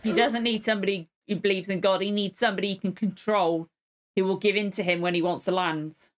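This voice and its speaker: A woman's voice: mid-range voice, fairly even intonation, a little fast. A woman hosting a reaction video, chatting casually and exclaiming as she watches.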